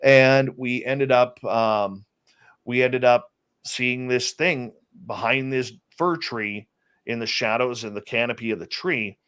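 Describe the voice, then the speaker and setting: A man, a radio host, speaking as an interview guest and telling a personal story in a lively way, often restarting his sentences. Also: medium pitch, slow, smooth. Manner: animated storyteller with many restarts. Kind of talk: casual storytelling chat.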